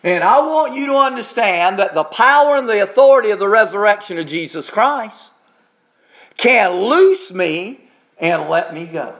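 A man preaching a sermon as pastor, stretching out key phrases slowly for emphasis. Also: high voice, sing-song, a bit bright, muffled recording. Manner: preaching with slow, drawn-out emphasis on key words.

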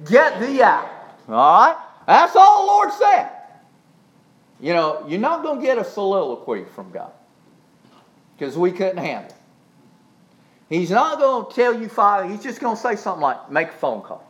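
A man preaching a sermon in a high, lively voice that leaps up and falls away. He drops to near-murmurs, then shouts key lines and stretches words out slowly for effect. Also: poor audio. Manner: preaching with dramatic swings, shouts and drawn-out emphasis. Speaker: pastor.

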